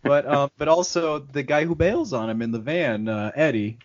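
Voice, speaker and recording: A man co-hosting a casual film podcast over a video call, animated and swearing freely. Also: fairly high pitch, normal speed. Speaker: podcast co-host. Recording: dull lo-fi video call audio.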